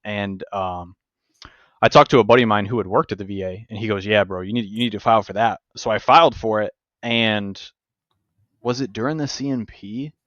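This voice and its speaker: A man hosting a podcast, telling stories in casual, profane, animated chat. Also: fairly low pitch, brisk, dry recording, muffled recording. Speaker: podcast host.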